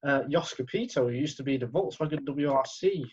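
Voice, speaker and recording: A man's voice: mid-range voice, darkish tone, a little hiss or hum. A man co-hosting a casual podcast and reading out the week's news, often stumbling and restarting his sentences. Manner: halting, stumbles over words. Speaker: podcast co-host presenting news. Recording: dull lo-fi audio.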